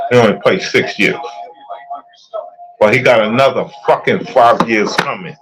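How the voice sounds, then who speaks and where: A man's voice: fairly low pitch, measured pace, long pauses, crowd noise, poor audio. A young man in a casual, profane sports rant, heated and repetitive. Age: young adult.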